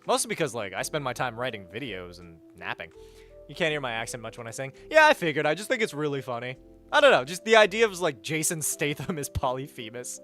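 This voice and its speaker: Lively bright-voiced man ranting on stream. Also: medium pitch, quick pace, faint music behind. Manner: animated and blunt, swears freely, rants. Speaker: livestreamer. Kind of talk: casual livestream chat, reading donations and chat aloud.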